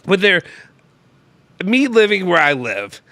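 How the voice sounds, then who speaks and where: A young man hosts a loose, joking stream chat, rambling through restarts. His voice is bright and swings widely in pitch. It sits close and dry on the mic. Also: sing-song, takes it slowly, no echo. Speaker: show host. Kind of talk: casual live-stream chat.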